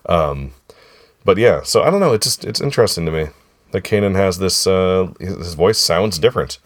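A man with a sore, froggy throat hosts a relaxed podcast chat with kids. His voice sits very low and sounds hoarse, and he keeps checking whether the others remember. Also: moderate pace. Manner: chatty, keeps asking the listeners if they remember. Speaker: podcast host. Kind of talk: casual discussion with kids.

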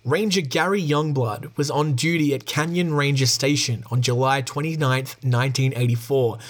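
A man's voice: mid-range voice, normal speed. A man casually reading aloud from a book, with ums and short dry asides between passages. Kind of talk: casual read-aloud narration.

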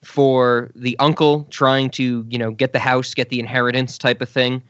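A man's voice: medium pitch, level tone, normal speed, fairly bright tone, dry recording, muffled recording. A man co-hosting a casual film podcast in an easygoing, agreeable way. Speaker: podcast co-host.

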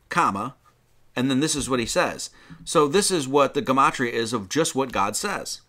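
Animated, bright-voiced male preacher. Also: mid-range voice, unhurried. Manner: animated teaching, rhetorical questions, quoting scripture. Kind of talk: sermon.

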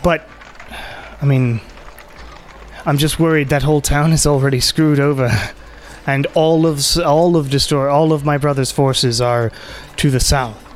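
A man voicing Sabrina, a worried, soft-spoken young noblewoman in a tabletop game. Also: fairly high pitch, steady tone, measured pace, long pauses, a little hiss or hum, close to an everyday voice.

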